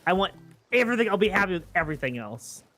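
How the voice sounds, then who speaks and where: A man's voice: high-pitched, very animated, quick pace, bright, forceful tone. A man playing a game with friends in casual chat, teasing them in a dry, sarcastic way. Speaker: co-player in an online game.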